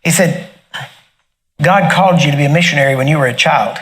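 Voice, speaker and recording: A middle-aged man telling a personal testimony in a casual, animated way, often laughing and acting out the other people in the story. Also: a little high, fairly quick. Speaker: minister sharing a testimony.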